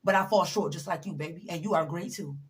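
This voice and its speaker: A woman's voice: lowish voice, fast talker. Blunt, swearing woman giving a pep talk. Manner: blunt, emphatic, swears freely; preachy, talks straight to the viewer. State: a little tired. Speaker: motivational vlogger. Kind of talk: casual motivational talk to camera.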